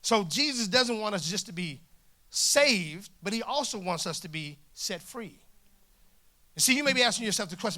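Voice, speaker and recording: A man in his forties delivers a humorous sermon from a church stage, his voice bright and forceful and sitting a little high for a man. He tells his stories with lively, jokey energy, acting out the dialogue as he goes. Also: normal speed. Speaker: guest preacher. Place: church stage before a congregation.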